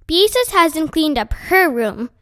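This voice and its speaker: A sulky eight-year-old girl with hurt feelings, read by a woman. She sounds light and high and complains in a pouting way. The storybook reading is close and dry. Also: very animated, a little slow, a bit bright, no room sound, exaggerated voice.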